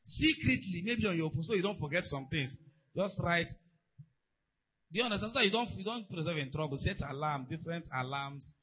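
A man preaching a sermon, telling stories and asides in an animated way. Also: a little high, a little fast, husky, rough recording. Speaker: pastor.

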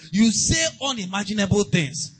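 Man, pastor, sermon, emphatic, high lively voice, faint music behind. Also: moderate pace, breathy edge, rough recording. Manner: emphatic preaching, swinging between quiet asides and loud exhortation.

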